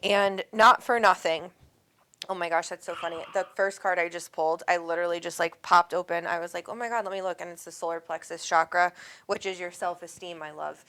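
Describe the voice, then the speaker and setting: A woman's voice: fairly low pitch, steady tone, fairly quick, pushed and bright. A woman hosting a live call-in psychic reading, talking in an affectionate, rambling way and calling the caller sweet names. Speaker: psychic medium host.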